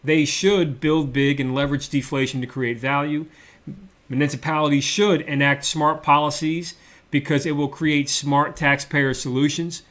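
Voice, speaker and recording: A middle-aged man with a slightly high-pitched voice presents a policy talk over slides. He speaks as a former mayor, hammering points by repeating words and leaning on fillers as he explains. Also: little pitch movement, moderate pace, a bit bright. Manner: repetitive, emphatic, many fillers.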